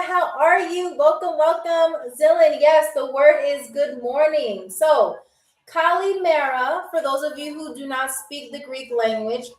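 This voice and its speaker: A woman hosting a live-streamed trivia game show, chatting to viewers and greeting them by name. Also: high voice. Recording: roomy echo, distant mic, faint music. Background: faint music from a DJ.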